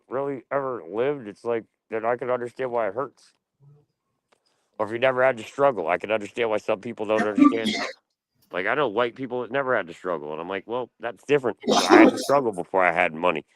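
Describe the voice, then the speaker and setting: A man's voice: mid-range voice, animated, fast talker, dry recording. A man ranting bluntly and profanely on a casual talk panel, rambling from one gripe to the next. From United States. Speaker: podcast panelist. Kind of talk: casual opinion rant.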